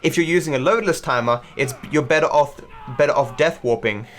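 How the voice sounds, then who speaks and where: A man's voice: a little high, fairly quick, fairly bright tone, slight background noise. Rambling Australian man, hard-to-place accent. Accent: mixed, not typically Australian. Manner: rambling, many fillers and restarts, swears freely. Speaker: streamer. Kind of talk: casual livestream commentary while gaming.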